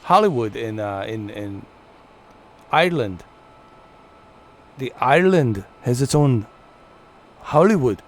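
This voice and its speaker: A man's voice: mid-range voice, big pitch swings, takes it slowly, long pauses. A man streaming a flight game, giving chatty, playful live commentary to his viewers. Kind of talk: casual gameplay commentary.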